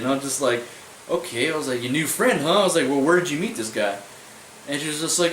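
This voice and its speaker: A man's voice: a little high, lively intonation, fast talker, a bit bright. A young man telling a story in a casual vlog, rambling and swearing, leaning on "I was like" over and over. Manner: rambling, profane, repeats "I was like" a lot. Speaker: vlogger. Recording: echoey room, mic at a distance, faint noise.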